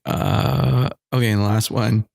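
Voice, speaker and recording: A man's voice: lowish voice, steady tone, measured pace, creaky, darkish tone, no echo, studio quality. A man co-hosting a podcast in casual chat, rambling and laughing often. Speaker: podcast co-host. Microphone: studio mic.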